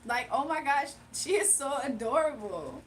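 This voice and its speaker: A young woman chats loosely with her livestream viewers in a high, lively voice, gushing and laughing as she goes. She sits a bit back from the mic, with a faint hiss of background noise. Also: normal speed, distant mic. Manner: chatty and bubbly, gushing and laughing often. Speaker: livestream host. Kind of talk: casual livestream chat with viewers.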